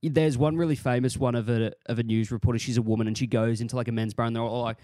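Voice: medium pitch, fairly even intonation, fast talker, warm tone, no room sound, studio quality. A young adult podcast co-host with an Australian accent, chatting casually and acting out the people in their stories. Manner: rambling storyteller who acts out quoted voices. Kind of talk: casual chat.

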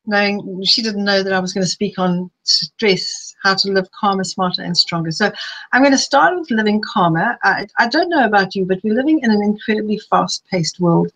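A chatty middle-aged woman streams a live webinar in a medium-pitched, fairly bright, slightly rough voice over poor audio. Her talk is personal, and she rattles off lists rapidly.

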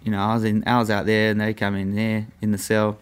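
A man's voice: lowish voice, completely flat delivery, fast, smooth. A young man, a guest, telling a story in a profane, rambling way full of fillers. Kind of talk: casual storytelling.

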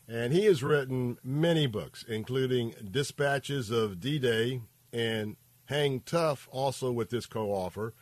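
An upbeat man hosts a radio talk show into a studio mic, and he sounds energetic and enthusiastic. The recording is dry and close, with no room sound around his mid-pitched voice. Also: no room sound. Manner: energetic, upbeat, some fillers. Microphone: studio microphone.

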